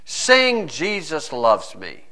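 A man's voice: fairly high pitch, wildly swooping pitch, very slow, sharp tone, heavily acted. Man playing a taunting soldier captor. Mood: mocking. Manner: taunting, menacing. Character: mocking, threatening male soldier guarding captives.

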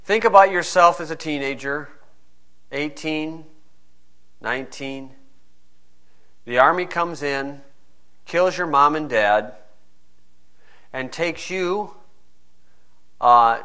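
A man preaching a sermon and reading scripture, emphatic, swinging between quiet asides and loud stressed phrases. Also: a little high, expressive, slow, pauses often.

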